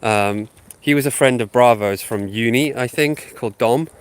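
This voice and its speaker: A man's voice: mid-range voice, moderate pace, clean tone, no room sound. Sniffly man chatting while walking outdoors. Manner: rambling, lots of ums and uhs. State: sniffly with a sinus infection. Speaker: channel host. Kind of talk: casual live chat to viewers while walking. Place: outdoors, walking a dog through a housing estate. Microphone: phone held while walking.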